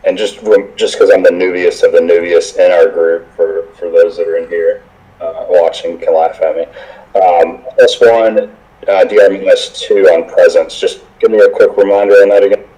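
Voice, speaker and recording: A man's voice: sits low, steady tone, normal speed, mellow, low-quality recording. A man playing a tabletop game, asking hesitant, stammering questions. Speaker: player. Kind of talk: casual tabletop play.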